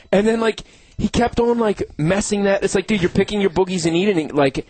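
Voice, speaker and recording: A man's voice: high-pitched, a little fast. A man co-hosting a radio show, telling crude stories in casual banter and acting out what others said. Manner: animated storytelling, acts out quotes.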